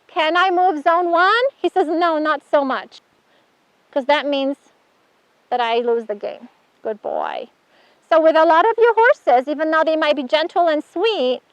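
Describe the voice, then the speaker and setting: A high-voiced woman teaches a horsemanship workshop, giving a hands-on outdoor demonstration. She talks casually as she works with the horse, praising it often. The audio has no echo but the highs are cut off.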